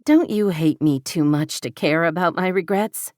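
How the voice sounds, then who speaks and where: A woman's voice: fairly low pitch, normal speed, a little mellow, no room sound, studio quality, lightly acted. A woman voicing a candid young woman who teases and confides earnestly. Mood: confiding.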